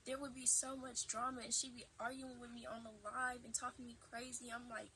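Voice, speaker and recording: A woman's voice: on the high side, brisk, hardly any pauses, background noise. A woman in her twenties telling a casual storytime vlog at home into her camera, acting out dramatic retorts as she goes. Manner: animated, acts out dramatic quoted retorts. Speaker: vlogger.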